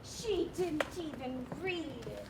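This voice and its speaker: A woman's voice: high voice, expressive, slow pace, noisy background, full character voice. A woman playing a distraught, pestering woman petitioner in a live stage play, whiny and theatrical, recorded on a school stage. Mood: melodramatic. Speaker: stage actor.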